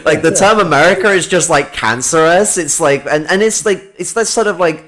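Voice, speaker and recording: A man talks politics in a casual, rambling way. His voice sits a touch high, and he swears often and laughs along the way. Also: normal speed, a bit bright.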